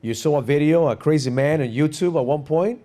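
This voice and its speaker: A man's voice: a little high, a little fast, dark tone. A man hosting a podcast, talking energetically and emphatically, often repeating words. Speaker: podcast host. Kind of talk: conversational interview.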